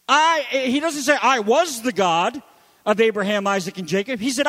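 A man preaching a sermon, swinging between loud emphasis and hushed asides. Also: very high voice, expressive, normal speed, in a large hall. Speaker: pastor.

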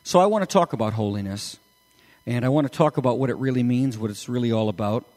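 A man preaching a sermon as pastor, animated and emphatic, with sudden rises in his voice. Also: mid-range voice, fast, big-room sound. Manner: animated, rising to emphatic peaks.

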